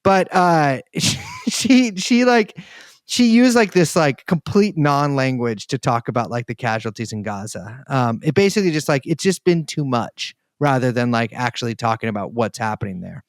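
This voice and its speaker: A man's voice: medium pitch, lively intonation, normal speed, no room sound. Man, podcast co-host, rambling, wry, fillers, dry sound. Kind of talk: casual political chat.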